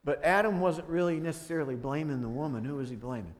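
A man preaching a sermon, voice climbing loud when he acts out prayers and dialogue, then dropping soft and low for grief. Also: fast talker. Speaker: pastor.

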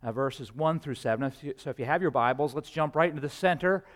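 A man preaching a sermon to his congregation, earnest and with frequent filler pauses. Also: medium pitch. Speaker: pastor.

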